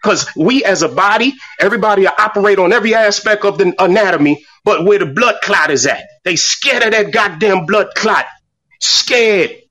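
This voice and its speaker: Angry, high-voiced man on a phone line, profane and repetitive. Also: animated, moderate pace, sharp tone. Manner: fiery, profane, repeats words when worked up. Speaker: speaker in an online voice room. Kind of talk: impassioned rant. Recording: distant, breaking-up phone audio.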